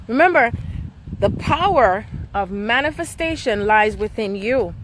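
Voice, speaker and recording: A woman's voice: on the high side, lively intonation, measured pace, noisy background. A woman giving an emotional live-streamed spiritual reading, often checking in with "okay?". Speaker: spiritual reader.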